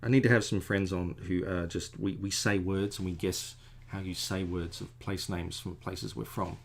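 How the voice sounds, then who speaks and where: Middle-aged man, artist at work, low creaky voice, chatty digressive livestream commentary. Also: steady tone, normal speed, a little hiss or hum. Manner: chatty, digressive, self-deprecating. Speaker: artist drawing a commission. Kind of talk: casual rambling commentary while drawing.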